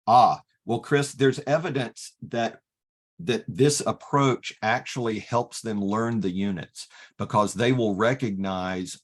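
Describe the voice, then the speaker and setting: A man leading an online workshop, explaining software step by step and often pausing with "okay" to restart. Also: lowish voice. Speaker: workshop facilitator teaching LaTeX. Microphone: video call.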